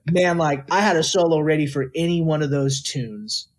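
Young male guest, early twenties, from Texas. Animated storyteller, voice a touch high. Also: moderate pace. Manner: animated, quotes people in lively voices. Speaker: guest musician. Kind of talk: casual storytelling interview.

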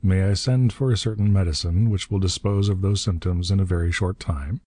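Brief: man reading as elderly mastermind, mild and smooth-talking, low pitch, dry close sound. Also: fairly even intonation, brisk, dry recording. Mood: gentle. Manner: gentle, soft-spoken, suave. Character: elderly benevolent-seeming male villain mastermind.

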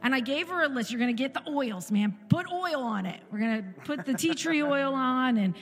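A woman in her forties preaches with emphatic, repeated phrases, her voice sitting somewhat high. She is heard in a long-echoing church hall, with quiet music behind her. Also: animated, brisk, slightly rough. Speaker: guest speaker in a church service. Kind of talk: sermon testimony. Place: church sanctuary.

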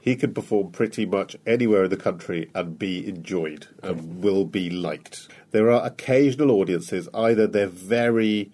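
A man's voice: sits low, normal speed, few pauses, warm tone, slightly rough. A man in his thirties from the UK, a comedian talking reflectively and wryly in an interview. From United Kingdom. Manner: reflective, wry storytelling with acted-out quotes. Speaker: comedian guest. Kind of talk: conversational interview.

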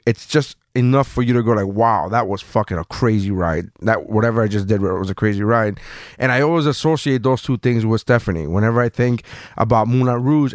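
A man co-hosting a casual podcast, his speech peppered with swearing as he tells a story with animation. His voice sits at a middle pitch and sounds close and dry. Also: no echo. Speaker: podcast co-host.

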